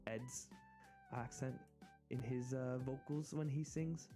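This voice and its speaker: An American man streaming, chatting casually and excitedly in rambling asides. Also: mid-range voice, slow pace, faint music behind. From United States. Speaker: VTuber streamer. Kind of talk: casual live-stream chat.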